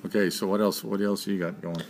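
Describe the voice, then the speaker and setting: A man's voice: low voice, fairly even intonation, a little fast, gravelly, a little mellow. A man co-hosting a casual podcast, running through a list of TV news with joking asides. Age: adult with a son. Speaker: podcast co-host. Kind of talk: casual chat.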